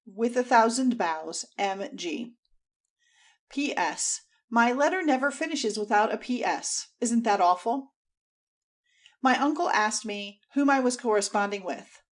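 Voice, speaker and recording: A woman narrating an audiobook diary in an expressive, theatrical way, swinging between bright exclamations and hushed asides. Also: a little high, measured pace. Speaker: audiobook reader.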